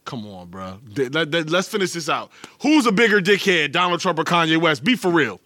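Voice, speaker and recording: Bright-voiced man in casual podcast banter. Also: a little high, very animated, a little fast, no room sound, clean studio sound. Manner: laid-back, joking banter. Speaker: podcast co-host. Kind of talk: casual chat.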